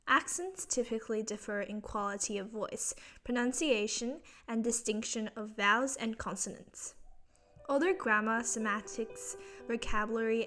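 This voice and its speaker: A woman from Singapore with an Australian accent gives a scripted educational narration. She explains in a clear, measured way. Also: on the high side, fairly bright tone. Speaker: teacher. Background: faint background music.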